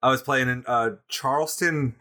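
Bright-voiced man telling a rambling story. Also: mid-range voice, fairly even intonation, normal speed. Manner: rambling anecdotes with laughs and restarts. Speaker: guest drummer. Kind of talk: casual storytelling. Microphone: video chat.

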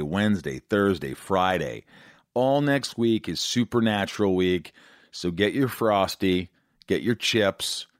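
A man's voice: sits low, no room sound, studio quality. A man hosting a podcast, chatting casually in a rambling, jokey way and a little out of breath. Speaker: podcast host. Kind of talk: casual interview chat.

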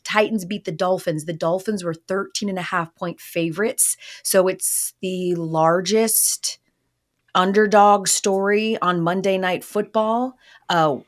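A woman co-hosting a sports podcast, talking through the week's football in a loose, animated way. Her delivery is conversational and full of small fillers. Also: lowish voice, measured pace. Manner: lively, animated, chatty with fillers. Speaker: podcast host. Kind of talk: casual sports chat.

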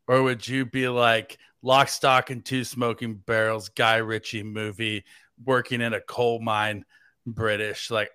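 A man's voice: mid-range voice, steady tone, measured pace, bright, forceful tone, smooth, no room sound, studio quality. An American man hosting a casual sports podcast, rambling and joking, with lots of "like". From United States. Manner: rambling and jokey, heavy use of "like". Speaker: fill-in podcast host.

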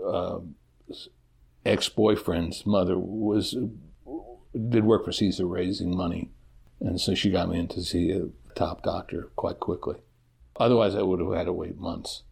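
A middle-aged man, a teacher, answering interview questions about his life in a halting way, often restarting and repeating words. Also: deep voice, creaky, darkish tone, breathy edge.

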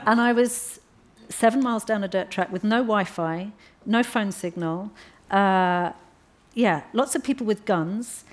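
A woman author as a guest, telling an anecdote in conversation with a lively, laughing manner. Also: mid-range voice, a little slow. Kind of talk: storytelling in a conversation.

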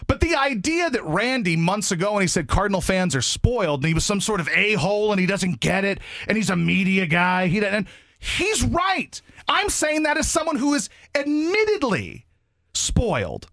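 A man's voice: normal speed, no room sound, clean studio sound. A man filling in as a sports radio host, ranting about fans and trading stories with a co-host, and dropping into mocking voices. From grew up in Baton Rouge, Louisiana. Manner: animated, ranting, mocks fans in high squeaky put-on voices. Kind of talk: sports talk radio rant. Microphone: studio microphone.

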